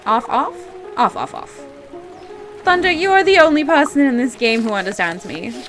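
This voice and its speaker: Give me a woman live-streaming a story game, reacting loudly in a slightly high voice. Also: moderate pace, soft background music. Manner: animated, laughs a lot, reacts loudly. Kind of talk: live game playthrough, reading aloud.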